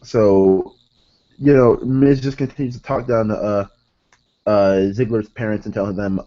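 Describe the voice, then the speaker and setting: Male podcast host, low mellow voice, rambling casual recap, dull home recording. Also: steady tone, a little slow. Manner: rambling, many fillers and self-corrections. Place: room with curtains behind him.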